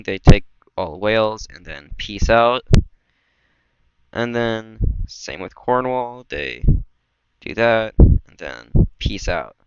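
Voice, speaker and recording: Casting: young man, low-ish smooth voice, loose rambling narration, cheap dull mic. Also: no room sound. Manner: loose, rambling, many fillers and self-corrections. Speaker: mapping video creator. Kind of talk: casual map narration.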